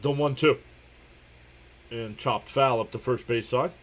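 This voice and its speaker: A young man calls a baseball game live for his stream, reading out viewer comments between pitches. His voice sits at an ordinary middle pitch, and he laughs a lot as he talks. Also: unhurried. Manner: laughs often while calling pitches and reading chat. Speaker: live stream play-by-play host. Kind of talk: casual live play-by-play commentary.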